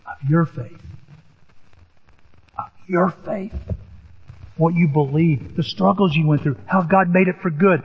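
A man's voice: on the high side, unhurried, pauses often, husky. An older man preaching a sermon, telling stories animatedly with sudden rises in his voice. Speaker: pastor. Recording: echoey hall, dull lo-fi sound.

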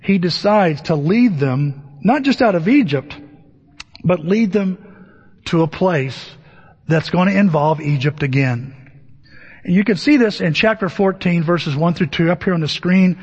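A pastor preaching a sermon, telling the story with animated energy, acting out voices and asking the congregation questions. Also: male voice, sits high, measured pace, breathy edge. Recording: dull, lo-fi audio with long hall reverb. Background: laughter from the congregation.

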